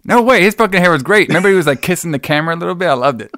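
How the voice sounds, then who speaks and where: A man's voice: sits high, animated, racing, fairly bright tone, dry recording, studio quality. Enthusiastic, rambling man chatting. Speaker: podcast host. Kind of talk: casual chat.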